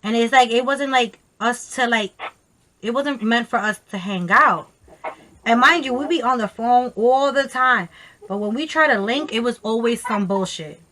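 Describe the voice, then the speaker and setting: A woman tells a story to her camera in a casual, animated, profane way, full of slang and quoted voices. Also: fairly high pitch, normal speed. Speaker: vlogger.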